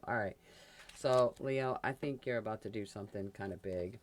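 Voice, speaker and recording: A woman giving a casual tarot reading, chatty and quick to laugh, talking straight to the sign she reads for. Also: extremely low pitch, a little hiss or hum. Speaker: tarot reader.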